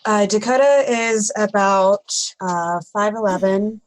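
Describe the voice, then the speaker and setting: A woman playing a tabletop game, describing her character in an unhurried way with many fillers. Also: medium pitch, dry recording, poor audio. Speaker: player.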